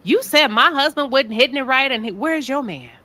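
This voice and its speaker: A woman's voice: high voice, animated, brisk, pushed and bright. A woman with a Southern American accent hosting a live talk show, asking pointed, sassy rhetorical questions. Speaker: show host.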